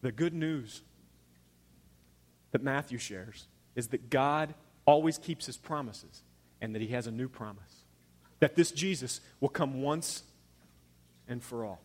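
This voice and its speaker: A man in his thirties preaching a sermon as pastor, emphatic, swinging between loud urging and hushed near-whispers. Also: mid-range voice, measured pace, long pauses, in a large hall.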